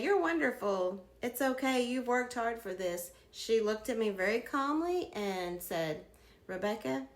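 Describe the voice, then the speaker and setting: A woman's voice: medium pitch, a bit bright. A woman in her fifties tells a personal story in a reflective, emphatic way, drawing a life lesson from her past. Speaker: speaker sharing life lessons. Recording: roomy echo.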